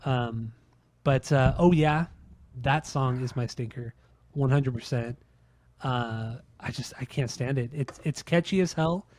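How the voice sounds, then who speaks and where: A man's voice: mid-range voice, measured pace, a little mellow. A man in his late thirties co-hosting a podcast, talking bluntly and profanely and repeating himself to drive points home. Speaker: podcast co-host. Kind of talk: casual podcast chat, ranking albums.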